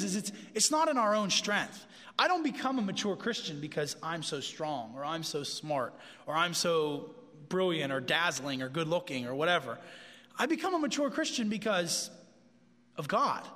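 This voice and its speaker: A man giving a casual, animated sermon as a pastor, often repeating himself as he goes. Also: high voice, big-room sound.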